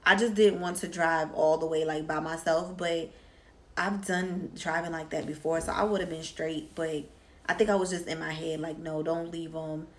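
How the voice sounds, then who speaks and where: A woman's voice: low voice, fairly even intonation, moderate pace. A young woman, a vlogger, telling a candid, slangy story time, swearing freely as she goes. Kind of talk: casual storytime.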